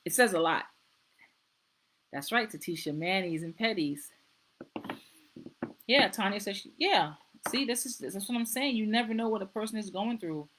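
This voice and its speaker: A woman's voice: medium pitch, lively intonation, normal speed, long pauses, a little hiss or hum, rough recording. Middle-aged woman host, earnest, casual, circles back on her words. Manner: warm, earnest, repeats herself. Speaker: nurse practitioner. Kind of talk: casual live-stream talk.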